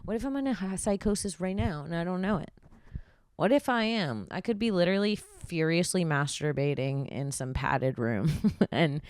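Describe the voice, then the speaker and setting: A woman's voice: lowish voice, normal speed, a little mellow, clean tone, no echo. A woman in her thirties, a stand-up comedian, riffing through a casual, rambling and profane podcast monologue. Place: podcast studio.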